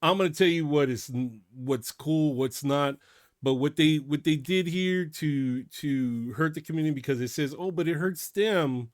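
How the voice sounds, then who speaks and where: A man ranting on his own channel, his voice a touch high and his sound dry and close. He is openly worked up, swings between loud emphasis and hushed asides, and keeps tacking "man" onto his sentences. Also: a little slow, dry recording. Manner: worked up, repeats "man" often; emphatic, drops loud to quiet. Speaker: channel host. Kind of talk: reaction video rant.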